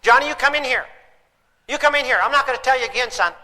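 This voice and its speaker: A man acting out an exasperated father shouting threats at his son and counting down. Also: very high voice, fast talker, big-room sound, pitched above the performer's own voice, exaggerated voice, poor audio.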